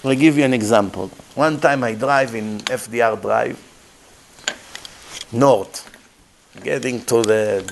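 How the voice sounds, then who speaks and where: A man, a rabbi, giving a Torah lecture in emphatic, animated style, dropping Hebrew phrases into non-native English. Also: medium pitch, vocal fry.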